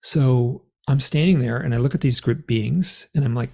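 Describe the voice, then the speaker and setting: A man's voice: medium pitch, moderate pace, vocal fry, a little mellow. A man, an interview guest, telling a personal story in conversation and acting out the remembered dialogue with big swings in his voice.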